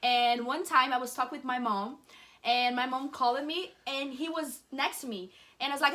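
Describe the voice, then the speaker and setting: A woman's voice: sits high, steady tone, pushed and bright. A woman with a Brazilian accent, speaking English as a second language, hosting a casual chat and telling stories in a chatty, laughing way. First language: Portuguese. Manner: chatty, laughing, rushed storytelling. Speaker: vlogger host.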